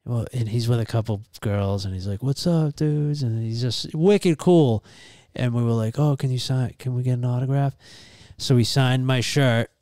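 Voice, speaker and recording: A man, telling a wild anecdote in an animated, profane, casual chat. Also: mid-range voice, moderate pace, hardly any pauses, no echo, studio quality.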